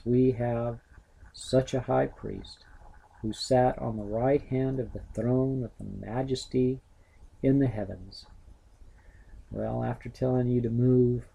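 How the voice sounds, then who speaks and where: A middle-aged man teaching a grammar lesson, slowly and methodically parsing each word. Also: mid-range voice, gravelly, dark tone, husky, rough recording. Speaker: Greek teacher.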